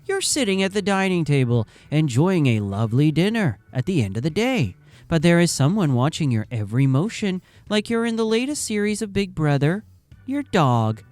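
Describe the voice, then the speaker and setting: A man's voice: on the high side, very animated, normal speed, a little mellow, dry recording, faint music behind. A man giving scripted narration for a video channel, with wry, conversational asides.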